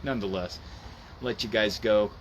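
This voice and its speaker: A man's voice: fairly low pitch, steady tone, moderate pace. A man chatting casually on a livestream, rambling in an easygoing way. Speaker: musician and vlog host. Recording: loud guitar music underneath.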